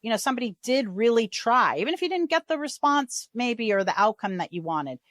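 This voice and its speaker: A woman hosting a podcast in casual, chatty conversation, animated and quick to act out quoted voices. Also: on the high side, dry recording, clean studio sound. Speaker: podcast host. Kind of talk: casual chat.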